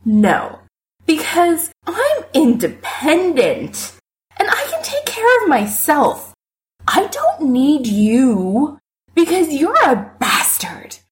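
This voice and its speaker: Brief: woman reading as a drunk, petulant young man, lively swooping pitch, slow drawl. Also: full character voice. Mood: drunk defiant. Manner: slurred cursing, dramatic outbursts.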